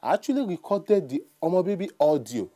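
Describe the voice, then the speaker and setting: A young Nigerian man with a Nigerian accent, a musician guest in a casual interview, telling animated stories and acting out quotes. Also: on the high side, brisk. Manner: animated storyteller, acts out quotes, repeats "you understand".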